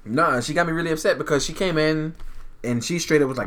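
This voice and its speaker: A young man co-hosting a casual podcast, telling a story as an animated, profane rant. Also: a little high, quick pace. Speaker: podcast co-host.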